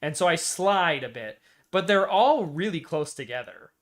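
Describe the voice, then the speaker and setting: A man's voice: on the high side, lively intonation, moderate pace. American man, streamer, casual chat, argumentative, explains by example. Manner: argumentative, explaining with repeated vowel demos.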